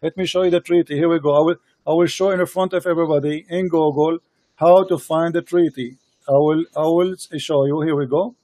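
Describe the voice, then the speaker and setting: Dark-toned man pressing hard in debate. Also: on the high side, steady tone, no room sound. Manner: insistent, repeats phrases, halting non-native English. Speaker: host of a live debate stream. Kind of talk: heated debate.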